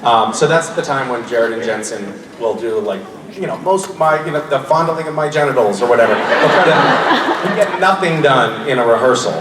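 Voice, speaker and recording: A man in his forties tells loose, self-mocking stories and keeps breaking into laughter. He is heard from far off in a big echoing hall, with a steady wash of noise around him. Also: mid-range voice, fairly quick. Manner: laughing, rambling, self-deprecating anecdotes. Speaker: convention panel guest. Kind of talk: casual Q&A storytelling. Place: large convention hall.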